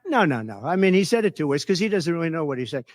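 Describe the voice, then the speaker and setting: A man's voice: fairly high pitch, sing-song, fast, no echo, studio quality. Boastful man answering press questions. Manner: boastful, repetitive, emphatic. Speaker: political candidate at a press conference.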